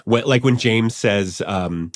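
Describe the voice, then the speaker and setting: A man's voice: on the low side, slow. A man co-hosting a podcast who asks the guest questions with enthusiasm and rambling phrasing. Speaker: podcast co-host. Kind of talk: casual podcast chat.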